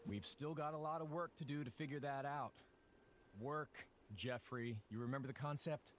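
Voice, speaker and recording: An actor voicing a dry, sarcastic expedition team member in a video game. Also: male voice, mid-range voice, fairly even intonation, normal speed, a little hiss or hum, close to an everyday voice.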